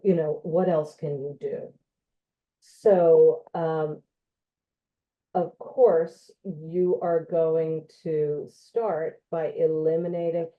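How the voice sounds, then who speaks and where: An occupational therapist with a low voice presents an informal educational talk at an unhurried, gentle pace. She's conversational, with frequent ums and you-knows, and her voice comes through a thin, tinny, phone-like online connection.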